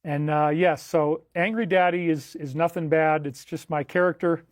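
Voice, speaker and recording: A man's voice: on the high side, steady tone, normal speed. A man chatting casually on his own live stream, loose and rambling as he thanks viewers for joining and donating. The sound is close and dry, with no room echo. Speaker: livestream host. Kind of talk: casual livestream chat.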